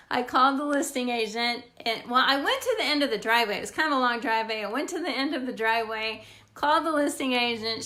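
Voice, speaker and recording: A woman's voice: fairly high pitch, bright, forceful tone. A middle-aged woman, a real estate agent, casually telling funny stories from her job and laughing often. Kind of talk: casual storytelling to camera.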